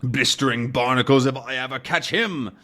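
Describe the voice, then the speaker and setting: A man voicing an angry, blustering male sea captain from a comic, shouting out oaths. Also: medium pitch, normal speed, voice pushed up, natural voice. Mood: furious. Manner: blustering, exclamatory.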